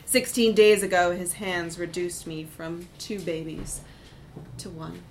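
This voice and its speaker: A woman narrating a first-person literary story in a measured, reflective way. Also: mid-range voice, fairly bright tone, a little hiss or hum, poor audio.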